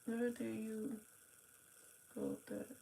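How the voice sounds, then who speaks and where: A tired, sleepy woman hosting a late-night livestream, chatting slowly with viewers in a rambling, drawling way, sighing and yawning. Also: on the high side, monotone, creaky, heavy background noise. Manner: slow, drawling, rambling talk with sighs and yawns. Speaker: livestream host.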